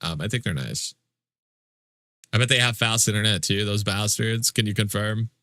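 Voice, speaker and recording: Speaking at a normal speed in a lowish, bright voice with a forceful tone, a male streamer makes casual small talk with his viewers while gaming. His complaints are mock-indignant and joking, his swearing is unrestrained, and there's no echo.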